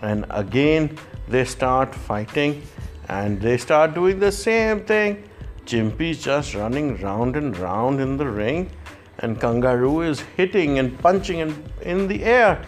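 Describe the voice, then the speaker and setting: Slow, playful male storyteller. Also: mid-range voice, very animated, faint music behind. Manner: slow, playful, mimics a boxing commentator. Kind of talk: children's story narration.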